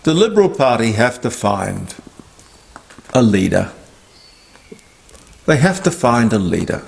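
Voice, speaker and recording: A man's voice: mid-range voice, very animated, a little slow, vocal fry. An older man, delivering an emphatic, indignant political commentary monologue. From Australia. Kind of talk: opinionated monologue.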